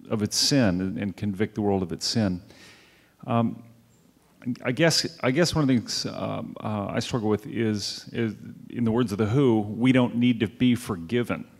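A man asking a question hesitantly, with many pauses and fillers. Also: lowish voice, darkish tone. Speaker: audience member asking a question.

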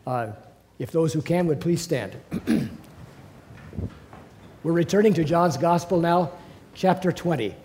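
A man teaching a Bible class to a small group in a meeting room. He reads and retells scripture in a lively storytelling way, with chuckles and asides. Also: fairly high pitch, measured pace, pauses often, slight background noise.

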